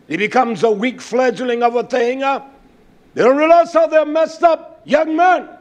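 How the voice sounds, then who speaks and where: A man preaching a sermon, emphatic and rising at times to shouts. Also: very high voice, normal speed.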